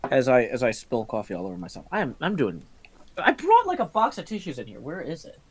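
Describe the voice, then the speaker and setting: A man's voice: medium pitch, wildly swooping pitch, a little fast, slightly rough. A middle-aged man hosting a community meeting over a voice call, rambling with lots of ums. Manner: rambling, frequent ums, breaks into laughs. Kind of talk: casual meeting chat. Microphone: computer mic on a voice call.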